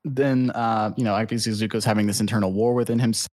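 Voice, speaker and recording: A man in casual podcast chat, retelling a cartoon plot in a rambling, profane, animated way. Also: on the low side, fast talker, dry recording, studio quality. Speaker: podcast guest.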